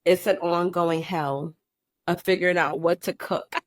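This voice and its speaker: A woman's voice: fairly low pitch, steady tone, unhurried, no room sound. Woman, 30s, podcast co-host: blunt, exasperated, swears freely, dry booth sound. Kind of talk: casual chat.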